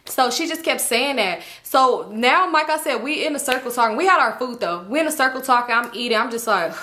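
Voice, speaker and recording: Bright high-voiced woman telling a storytime. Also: fairly quick, few pauses. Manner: animated, profane, laughing often. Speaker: storytime vlogger. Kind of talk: casual storytime monologue.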